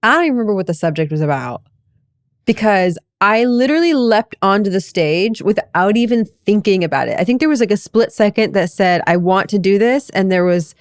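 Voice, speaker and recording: A woman's voice: medium pitch, lively intonation, brisk, dry recording, clean studio sound. A woman co-hosting a podcast as a meditation coach, telling a personal story in a reflective, casual way.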